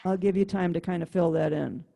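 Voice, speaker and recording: Brief: woman music teacher, mellow warm tone, patient and explanatory, on a video-call mic. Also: on the low side, fairly even intonation, fairly quick, vocal fry. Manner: patient, explanatory, counts beats aloud. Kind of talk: online class instruction. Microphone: computer mic on a video call.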